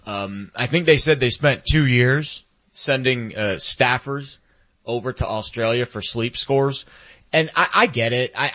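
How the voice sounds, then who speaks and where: A male sports panelist with a mid-pitched voice who stumbles and restarts as he builds homespun analogies. His speech is casual and meandering. The sound is a little dull and lo-fi. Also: pushed and bright. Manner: rambling, halting, folksy analogies.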